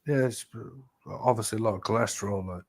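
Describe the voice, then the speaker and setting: A man's voice: on the low side, brisk. A man telling stories in a casual chat, rambling and swearing freely with lots of "you know". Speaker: live chat host.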